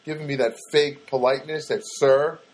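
A man's voice: medium pitch, expressive, normal speed, husky, rough recording. A man hosting a rambling comedic monologue, full of fillers and sarcastic asides. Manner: rambling, lots of fillers and self-corrections, sarcastic.

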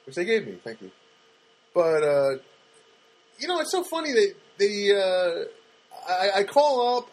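Husky middle-aged man rambling comically. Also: fairly high pitch, rough recording. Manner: halting and rambling, with many fillers and restarts; dry, self-mocking. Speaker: podcast host. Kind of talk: rambling comedic monologue.

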